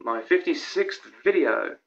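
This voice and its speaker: A young man rambling excitedly through a countdown of his own videos, with lots of restarts and fillers. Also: a little high, a little slow, creaky, dull audio. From Australia. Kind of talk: casual vlog commentary.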